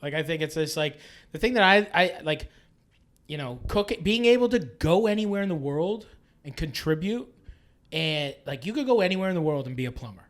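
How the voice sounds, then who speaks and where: A man from Canada in his late thirties, talking as a guest on a podcast. His voice sits high for a man. He rambles and restarts, swears a lot and leans on "like" constantly. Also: animated, a little fast. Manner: rambling and profane, full of filler "like"s. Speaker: guest chef. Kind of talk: casual podcast chat.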